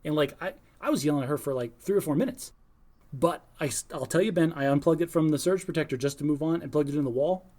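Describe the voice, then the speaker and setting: A man's voice: a little high, fast talker. A middle-aged man on a casual podcast, telling stories with lots of energy and acting out both sides of his phone calls. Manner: animated storyteller, acts out phone calls. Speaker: podcast co-host. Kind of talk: casual chat.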